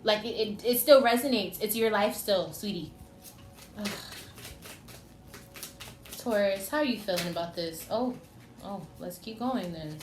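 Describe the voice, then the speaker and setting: A woman with a medium-pitched voice gives a casual tarot reading, speaking a little slowly with long pauses. Chatty and teasing, she addresses the signs directly, recorded in an echoey room with faint noise.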